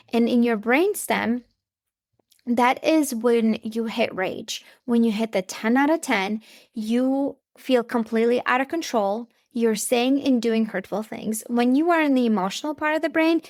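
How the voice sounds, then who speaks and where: A woman in her thirties with a somewhat high voice hosts a faith-based parenting podcast. She talks earnestly and conversationally, speaking straight to her listeners. The recording is close and dry. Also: no echo. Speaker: podcast host.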